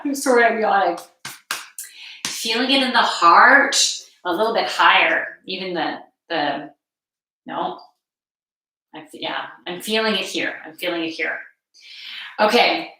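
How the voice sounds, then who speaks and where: Lady leading breathwork and a card reading, talks slow and calm, bright voice. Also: medium pitch. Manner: slow, soothing, guides breathing step by step. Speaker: card reader and meditation guide. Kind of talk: live reading session. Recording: very echoey room.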